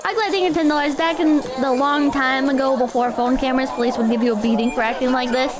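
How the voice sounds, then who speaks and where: A woman streamer chatting with her viewers in a casual, animated, mocking way as she reacts to a clip. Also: sits high, fast, a loud crowd. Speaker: streamer host.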